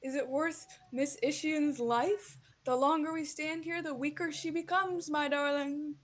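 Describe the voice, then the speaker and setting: A woman acting out a smug, scheming middle-aged male villain from a tabletop game who talks down to everyone and calls them darling. The voice stays high. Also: fairly even intonation, measured pace. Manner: condescending, calls others darling.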